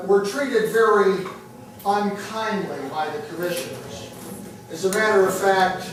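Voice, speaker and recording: A man giving an animated, indignant speech, telling a story to a meeting audience. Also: high-pitched. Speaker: political speaker. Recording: roomy hall from far off, crowd. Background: crowd.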